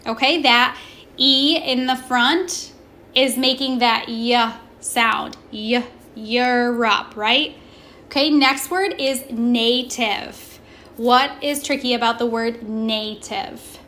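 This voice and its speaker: A woman teaching a recorded class, slowly modelling pronunciation and asking questions. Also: fairly high pitch, fairly even intonation, bright, forceful tone. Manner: slow, deliberate, stretches words to model pronunciation; asks questions and pauses for students. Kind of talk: recorded remote classroom lesson.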